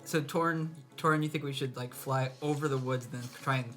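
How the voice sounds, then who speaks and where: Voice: mid-range voice, steady tone, a little fast, a bit bright, soft background music. A player in a tabletop game checking and summing up what the group wants to do. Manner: organizing, checks plans with others. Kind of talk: casual tabletop game chat.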